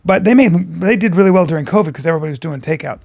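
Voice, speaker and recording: A middle-aged man, a podcast co-host telling stories in casual chat, animated and profane, acting out the people in them. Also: a little high, very fast, gravelly.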